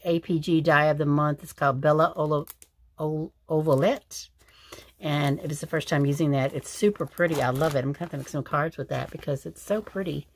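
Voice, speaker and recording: Low-voiced chatty woman. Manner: chatty, rambling, many fillers and restarts. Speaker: crafting channel host. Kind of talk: casual craft show-and-tell.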